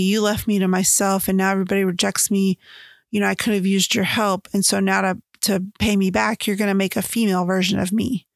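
A woman's voice: mid-range voice, vocal fry, no echo, clean studio sound, lightly acted. A woman voicing a bitter, abandoned male creature as she retells a story, speaking with an accusing, resentful manner.

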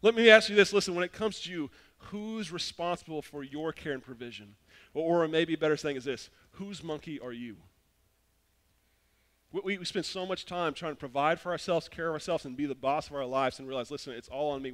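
A man preaching a sermon as pastor, telling lively stories that swing between loud bursts and hushed appeals. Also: a little high.

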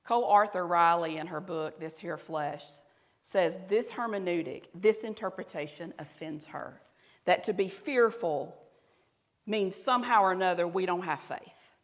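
A woman pastor with a Southern accent preaching a conversational sermon, at times dropping to a soft, intimate voice. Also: on the low side, moderate pace. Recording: reverberant hall.

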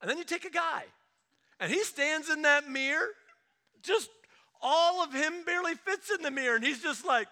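A man preaching a sermon in a lively, conversational way, acting out stories from family life. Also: very high-pitched, normal speed. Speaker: pastor. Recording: echoey hall reverb.

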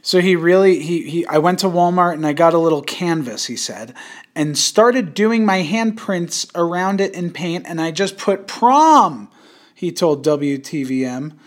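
Young male podcast host with a high voice, crude and jokey, loose casual delivery. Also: lively intonation, measured pace. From suburbs of New York City. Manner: crude joking, puts on an old-timey voice.

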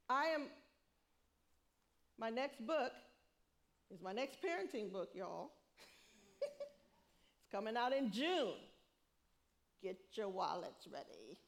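A middle-aged woman preaching a sermon, lively, laughing often and acting out what people say. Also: a little high, slow, gravelly, pauses often.

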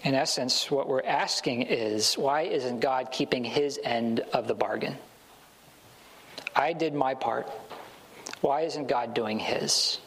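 A man's voice: mid-range voice, takes it slowly, fairly bright tone, a little hiss or hum, rough recording. A male pastor preaching a sermon in a conversational way, sometimes acting out the voices he quotes.

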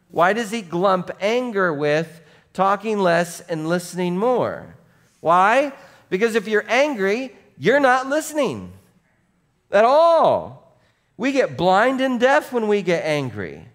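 Animated male pastor, higher voice. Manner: animated, swings between soft and shouting, acts out quotes. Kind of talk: sermon.

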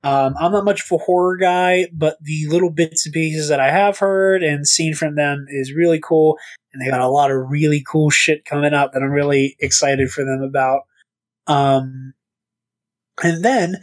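A man's voice: fairly high pitch, normal speed. A man hosting a podcast in casual chat, rambling and stammering, swearing now and then. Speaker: podcast host.

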